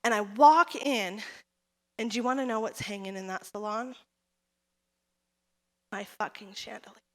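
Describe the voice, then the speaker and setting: A woman giving a motivational keynote speech at a conference, telling her story with animated energy and calling out to the audience. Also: medium pitch, unhurried. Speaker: keynote speaker and salon owner. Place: conference hall. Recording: reverberant hall.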